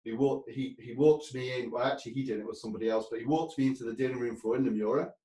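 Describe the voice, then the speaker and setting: A man's voice: medium pitch, fairly even intonation, very fast, warm tone. Man, interview guest, casual storytelling, rambling, frequent laughter, roomy, distant from mic. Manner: rambling, laughs often, many restarts.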